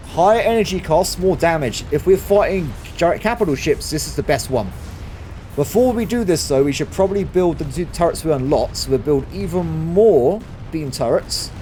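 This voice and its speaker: A man giving excitable game commentary, talking to himself and his viewers as he plays. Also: high-pitched. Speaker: gaming channel host.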